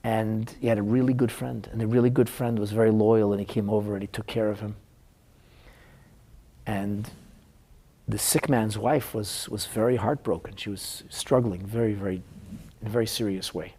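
A man's voice: lowish voice, steady tone, moderate pace, warm tone, husky. A middle-aged man teaching a Talmud class as a rabbi, telling a painful counseling story in an earnest, emotional way.

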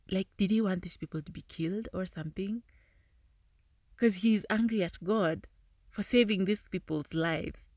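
Female podcast host, casual and talkative, lowish pitch, dry close mic. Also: no room sound. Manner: chatty, laughs often while reading aloud. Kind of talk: casual podcast reading and reflection.

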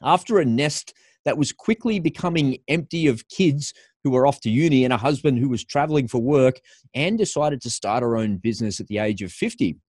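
A man hosts a podcast, upbeat and lively, selling the show before chatting with his guest. His voice sits mid-range. The sound is dry and close, with no room around it. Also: mid-range voice, a little fast, slightly rough, no room sound. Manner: upbeat, lively, promo-style. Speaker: podcast host. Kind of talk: podcast intro and interview.

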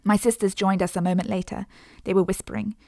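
A woman narrating a first-person story as an audiobook, in a measured, earnest way. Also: mid-range voice, level tone, vocal fry, a little mellow, dry recording, clean studio sound.

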